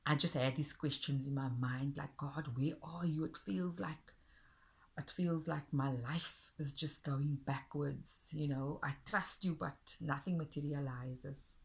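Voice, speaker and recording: Woman, low-pitched, heartfelt faith testimony, earnest tone, middle-aged. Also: measured pace, creaky. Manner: earnest, heartfelt, rising with emotion when quoting God. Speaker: Christian speaker sharing a testimony. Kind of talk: personal testimony with a recited poem.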